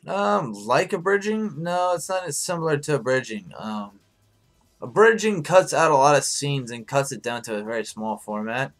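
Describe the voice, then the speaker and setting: A man hosting a live stream in casual chat, hoarse and rambling, swearing freely as he answers his viewers. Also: on the high side, lively intonation, normal speed, a bit bright, faint music behind.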